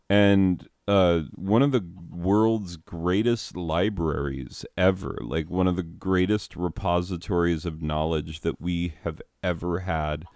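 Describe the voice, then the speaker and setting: A man's voice: sits low, darkish tone, clear, resonant tone, no echo. A man who teaches, talking casually over his gaming and drifting off into long history tangents with jokes. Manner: rambling, goes off on history tangents; laughs at his own jokes and mocks things in silly put-on voices. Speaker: game video host.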